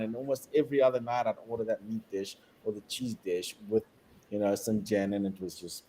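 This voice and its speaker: Male guest from south africa, mid pitch, animated storyteller who laughs a lot. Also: a little hiss or hum, low-quality recording. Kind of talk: casual travel chat.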